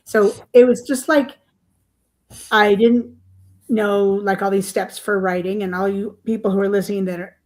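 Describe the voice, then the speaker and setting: A woman's voice: mid-range voice, fairly even intonation, moderate pace, a little mellow. Chatty older woman telling her story. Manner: rambling, chatty storytelling with many fillers and laughs. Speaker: author guest. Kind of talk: podcast interview storytelling.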